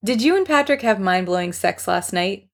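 A woman reading the lines of a jealous, irritable young man who snaps and talks flatly. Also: mid-range voice, moderate pace, natural voice. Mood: jealous, snappy. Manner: snappish, flat.

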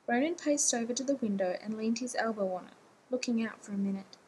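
A woman reading a romance novel aloud in a steady, measured narration. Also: on the high side, a little hiss or hum, low-quality recording. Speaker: audiobook narrator.

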